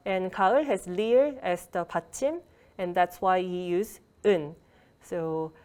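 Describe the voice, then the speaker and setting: A woman's voice: on the low side, a little mellow, clean tone. A woman giving an online language lecture, explaining patiently with many fillers and small laughs, heard over a video call.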